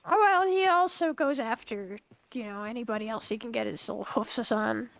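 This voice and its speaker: A woman's voice: on the high side, normal speed, vocal fry, no room sound. A woman playing a young orphan street thief in a western game roleplay, chatty and stammering with many restarts. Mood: eager. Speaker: roleplay streamer.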